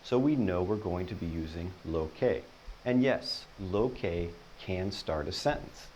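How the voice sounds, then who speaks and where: A man teaching a Spanish lesson, patiently explaining and repeating each example sentence slowly and encouragingly. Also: deep voice, lively intonation, a little mellow, slight background noise, poor audio.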